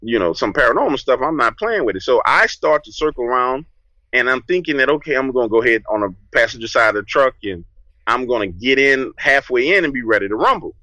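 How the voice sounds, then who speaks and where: A man, a podcast guest telling a story in a casual, lively way and acting out what he said back then. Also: medium pitch, quick pace, dry recording, low-quality recording. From New Orleans, USA. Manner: lively, acts out his own past lines.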